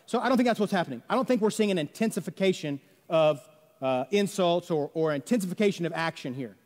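A man preaches to his congregation, his voice sitting high for a man and often climbing higher when he presses a point. He keeps asking the room questions and slips into the voices of people who make excuses. His words ring out with a long reverb through the church sanctuary. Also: lively intonation, fast, a little mellow. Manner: conversational preaching with rhetorical questions and quoted voices. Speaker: pastor. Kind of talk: sermon.

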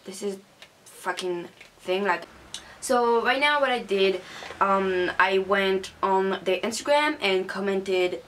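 A woman's voice: mid-range voice, slow, a bit bright, slight background noise. Angry young woman ranting to camera. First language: not English. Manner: angry, swearing rant. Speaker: beauty vlogger. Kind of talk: casual unboxing vlog.

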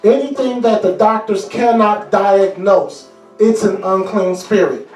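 High-voiced preacher in an echoey hall. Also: male voice, unhurried. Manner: lively, preachy, joking asides with laughter. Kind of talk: deliverance sermon. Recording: echoey room, mic far off, faint music.

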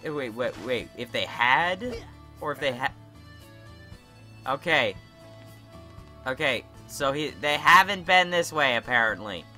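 A man's voice: mid-range voice, animated, measured pace, pauses often, pushed and bright, faint music behind. A young man giving profane, sarcastic let's-play commentary as a gaming YouTuber.

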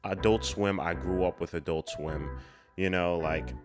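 A young man with a slightly low voice works through a film reaction in a loose, casual way, speaking a little slowly. He often bursts out in excitement and laughs a lot, with music playing in the background.

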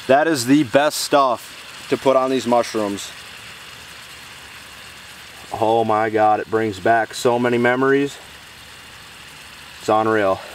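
A man hosting an outdoor cooking vlog, chatty and enthusiastic in a folksy way. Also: medium pitch. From US Midwest. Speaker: outdoor show host. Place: outdoors near woods. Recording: distant outdoor mic, faint noise.

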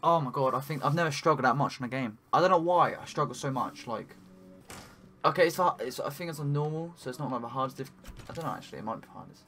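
A man giving let's play commentary while he plays, talking to himself, swearing often and breaking into excited cries. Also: medium pitch, fast talker, background noise. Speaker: gaming commentator.

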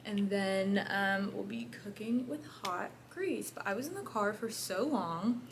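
A woman's voice: medium pitch, lively intonation, unhurried, vocal fry. A young woman in her twenties talking casually to the camera at home, rambling and laughing often. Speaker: vlogger. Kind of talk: casual vlog chat. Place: home, indoors. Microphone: phone or camera held close. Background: air conditioner hum.

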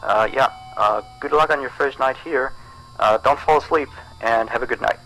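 A man's voice: mid-range voice, normal speed, over music, natural voice, low-quality recording. A man voicing a phone guy who gives hesitant instructions for a night shift. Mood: rambling. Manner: hesitant, rambling, full of ums.

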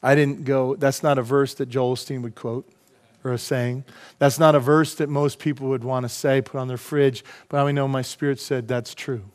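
A man's voice: medium pitch, level tone, moderate pace. Impassioned middle-aged male pastor preaching. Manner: impassioned preaching with rhetorical questions to the congregation. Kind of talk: sermon.

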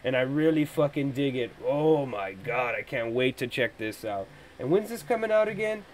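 A man hosting a podcast, reacting casually to a movie trailer. He thinks out loud, gets excitable and swears constantly. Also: mid-range voice, moderate pace, slight background noise. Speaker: podcast host.

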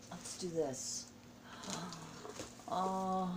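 A middle-aged American woman vlogs at home indoors, unboxing a package with gushing, emotional exclamations. Her voice is medium in pitch and her pace measured, with background noise present.

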